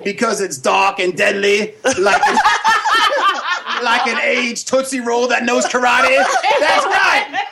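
A man voicing a crude, loud old puppet man who shouts vulgar insult jokes and cackles. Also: extremely high pitch, wildly swooping pitch, slow, creaky, heavy background noise, pitched above the performer's own voice, exaggerated voice. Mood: crude shouting. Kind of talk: insult comedy bit on a radio podcast.

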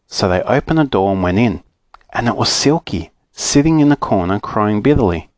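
An Australian man, a storytelling dad, reading a children's book aloud in an expressive narrating voice. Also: on the low side, normal speed, no echo.

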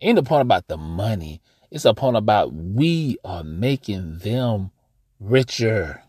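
A young American man with an African American accent talks to his listeners in a casual podcast. His voice sits low but swings up and down with a lot of life. The sound is dry and close, with almost no room echo. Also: very animated, a little slow, darkish tone, breathy edge. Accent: African American English. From United States. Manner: conversational, addresses listeners as y'all, emphatic. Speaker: podcast host. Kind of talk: casual outdoor podcast monologue. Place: outdoors.

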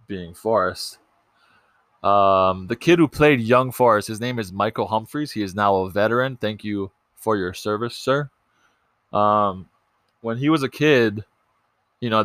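A man's voice: fairly low pitch, a bit bright, no echo. A young man hosting a casual movie podcast, chatty and loose, with lots of ums and restarts. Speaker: podcast host.

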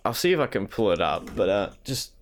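A man's voice: on the low side, very animated, a little fast. A man co-hosting a casual gaming podcast, ranting with lots of swearing and mocking impressions. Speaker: podcast co-host.

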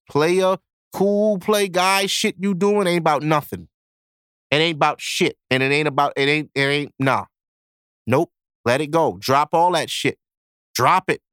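A man's voice: high-pitched, a bit bright, dry recording, studio quality. A young man hosting a podcast, giving blunt, profanity-laced advice in a casual monologue. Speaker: podcast host.

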